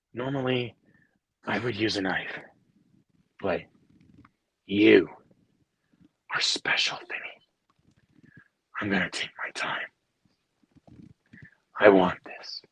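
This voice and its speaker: A menacing masked kidnapper voiced by a man murmurs his lines low and slow, sometimes sinking into a whisper. The tone is husky, and the recording is dry and close. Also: no echo, heavily acted. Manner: hushed, creeping menace, drops to a whisper. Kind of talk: film quote impression.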